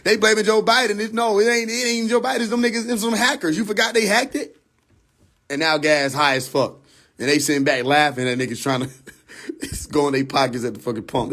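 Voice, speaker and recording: A man rants casually on a livestream, swearing freely and laughing through his points. His voice sits high for a man. It sounds picked up on a phone. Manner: profane, laughs often, animated. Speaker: livestream host.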